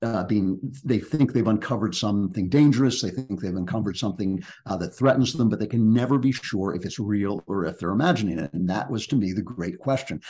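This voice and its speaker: A man's voice: on the low side, a little fast, few pauses, a little mellow. A man speaking as a podcast guest author, reflective and emphatic, often restarting his sentences. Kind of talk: podcast interview conversation.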